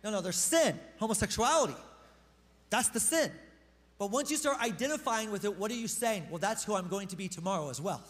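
A man's voice: high voice, animated, a little fast. A man preaching a sermon as pastor to his congregation, talking to them in a casual, emphatic way. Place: church hall. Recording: long reverb of a hall.

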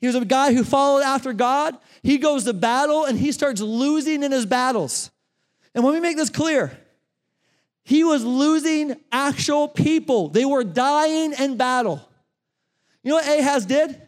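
Male pastor, breathless animated preaching, very high voice, church reverb. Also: measured pace. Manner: animated, talks straight to the congregation. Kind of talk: sermon with a live running demonstration. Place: church sanctuary. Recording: long reverb of a large church hall.

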